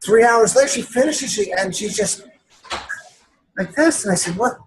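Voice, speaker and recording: A man with a fairly high voice tells stories in an animated way, and he slips into the voices of the people he meets. Faint noise hums behind him on a remote interview line. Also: normal speed, rough recording. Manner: enthusiastic, acts out other people's lines as he retells stories. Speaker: author being interviewed. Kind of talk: animated storytelling in a casual interview. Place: remote interview streamed live online.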